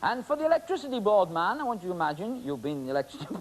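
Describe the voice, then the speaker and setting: A man does comic stage-magic patter, teasing his volunteers and wandering through asides full of ums. His voice sits a little high and swings widely in pitch. Faint noise hangs under the recording. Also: big pitch swings, rapid-fire, poor audio.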